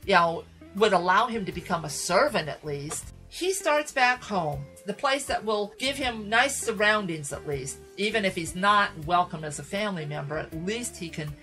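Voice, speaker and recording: A woman radio Bible teacher retelling a Bible story in a dramatic, animated way, speaking to listeners as folks. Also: mid-range voice. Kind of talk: sermon storytelling.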